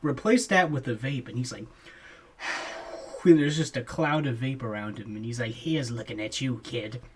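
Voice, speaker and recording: A man's voice: mid-range voice, animated, moderate pace, a little hiss or hum. A young man co-hosting a podcast, chatting casually, laughing often and calling his friend "bro.". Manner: laid-back, laughs often, says "bro" a lot. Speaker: podcast co-host. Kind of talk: casual chat.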